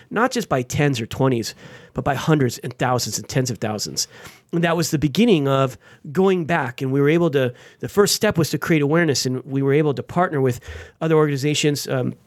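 A man, a veteran guest on an interview show, telling his story with energy and sudden jumps in pitch. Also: lively intonation, brisk, few pauses, no echo. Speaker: guest, veteran and nonprofit founder.

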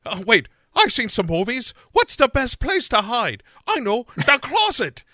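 A man voicing a tough young woman who talks like a gravelly action-movie hero. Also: high-pitched, huge pitch swings, moderate pace, bright, forceful tone, no echo, clean studio sound, voice pushed up, heavily acted. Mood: panicked. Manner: exaggerated gravelly tough-guy delivery.

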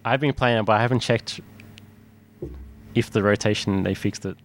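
Casual male co-host, low voice, rambling and laughing; slight background hiss. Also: moderate pace. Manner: rambling, restarts, laughs often. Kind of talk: casual chat.

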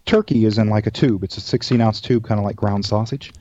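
A man's voice: on the low side, brisk, mellow, dry recording. Folksy man hosting a cooking show. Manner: folksy and rambling, tells jokes, says "y'all" and "man". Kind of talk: casual cooking-show chat. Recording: dull dry lo-fi recording.

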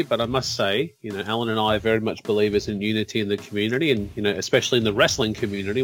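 An Australian man hosting a podcast, talking in a friendly, upbeat and earnest way. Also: lowish voice. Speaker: podcast host. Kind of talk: casual podcast chat.

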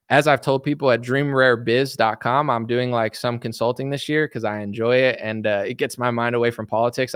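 A man's voice: fairly high pitch, a bit bright, no echo, clean studio sound. A man giving a casual, emphatic and rambling political commentary monologue with many restarts.

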